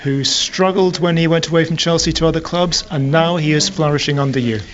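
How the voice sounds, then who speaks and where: A man's voice: a little high, brisk. A male radio reporter putting direct, conversational questions to a manager after a match, on a lo-fi broadcast. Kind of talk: post-match interviewing.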